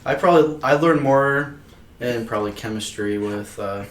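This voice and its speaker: A young man co-hosting a podcast, telling animated, profanity-filled stories and laughing often. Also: medium pitch, moderate pace. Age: young adult. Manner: animated storytelling, swears a lot, laughs often. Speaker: podcast co-host. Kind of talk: casual chat. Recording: echoey room with faint noise.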